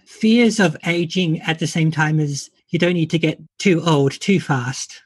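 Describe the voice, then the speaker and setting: A woman's voice: low-pitched, a little slow, breathy edge, no room sound. A woman co-hosting a podcast, talking things through in a thoughtful, analytical way. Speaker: podcast co-host. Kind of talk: casual chat.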